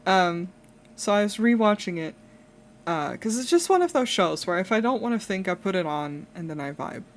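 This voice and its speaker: A woman's voice: mid-range voice, animated, moderate pace, a little hiss or hum. A young woman chatting casually while drawing on a live stream, rambling with lots of fillers and restarts and laughing often.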